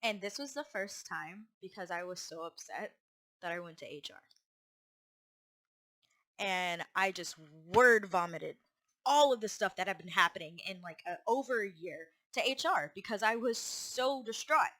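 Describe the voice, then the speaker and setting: A woman's voice: medium pitch, a little slow, pushed and bright. A woman vlogger telling a personal story in a rambling way, with restarts and acted-out quotes.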